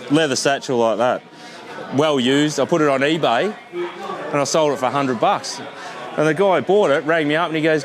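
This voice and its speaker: A middle-aged man with an Australian accent, the founder of a tour company, telling a story in a relaxed, casual way, with loose swearing and lots of fillers. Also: on the high side, a little fast. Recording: busy crowd noise behind.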